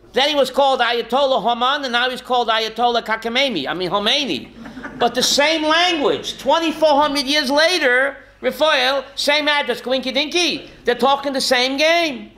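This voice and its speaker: A man's voice: extremely high pitch, pushed and bright. A man, a rabbi, teaching a Torah class in a folksy, joking way and quizzing his listeners by name. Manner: folksy, jokey asides.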